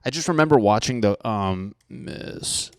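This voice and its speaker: A man's voice: on the low side, expressive, unhurried, clean tone, no room sound, clean studio sound. A young man hosting a podcast, ranting profanely and animatedly in a solo comedic monologue, often mocking people in put-on voices. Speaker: podcast host.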